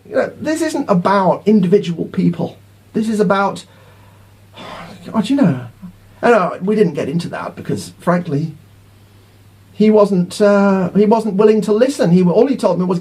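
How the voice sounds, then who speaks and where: A man's voice: high-pitched, animated, moderate pace, darkish tone, slightly rough. A middle-aged man giving an indignant, rambling monologue to camera as a vlogger, repeating himself as he goes.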